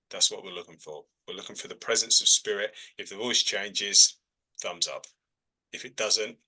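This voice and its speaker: In a relaxed video-call teaching session, a trance medium responds to students in a chatty way, peppering his talk with "all right?" His voice is lowish, bright and forceful, and the recording quality is low.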